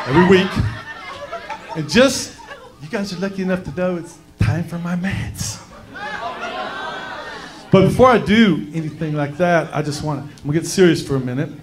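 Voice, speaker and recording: A man doing a crude, brash stand-up set on a comedy club stage, with an American accent, shouting his punchlines into a handheld mic. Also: on the high side. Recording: live club recording with loud crowd and music. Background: audience laughter.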